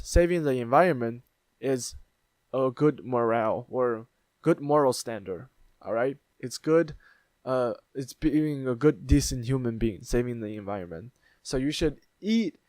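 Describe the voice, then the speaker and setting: A YouTube host chats casually on his own channel, explaining internet memes with plenty of fillers and restarts. His voice is medium-pitched with a darkish tone, and there's no echo.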